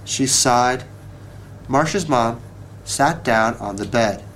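A man reading a children's picture book aloud, page by page, in an expressive, measured storytelling voice. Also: mid-range voice, slight background noise.

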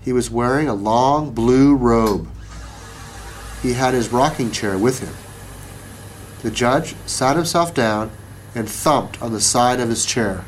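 Male narrator for a children's storybook, slow and gentle pacing. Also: medium pitch, slight background noise, low-quality recording.

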